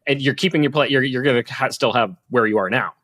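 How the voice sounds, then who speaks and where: Dude cohosting, mid voice, hyped and supportive, swears a lot, dry sound. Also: male voice, mid-range voice, quick pace, a bit bright, no echo. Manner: enthusiastic, supportive interjections, swears freely. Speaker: podcast co-host. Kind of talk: casual chat.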